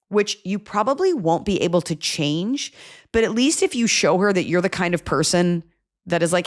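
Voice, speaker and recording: Blunt, animated woman podcast host. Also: on the low side, brisk. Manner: blunt, animated, acts out quoted voices. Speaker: podcast host giving advice. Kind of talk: casual advice chat.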